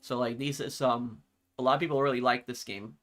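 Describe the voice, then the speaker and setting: Guy streaming a game, faint new york accent, reacts out loud to everything, easygoing chatter, middle pitch. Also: steady tone, fairly quick. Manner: chatty, reacting aloud to the game, easy laughs. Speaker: gaming streamer. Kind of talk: live gameplay commentary.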